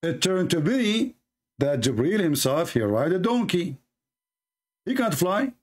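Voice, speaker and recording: A man hosting a religious debate, reading a text aloud and mocking it sarcastically with sudden high-pitched jabs. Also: big pitch swings, measured pace. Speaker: debate host.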